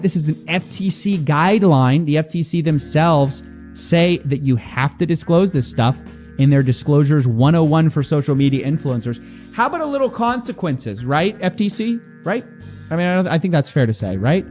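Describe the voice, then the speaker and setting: A man talking straight to camera as an investigative internet commentator, exasperated and a bit mocking. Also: a little high. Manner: animated, exasperated, mocking quoted voices. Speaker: investigative YouTuber.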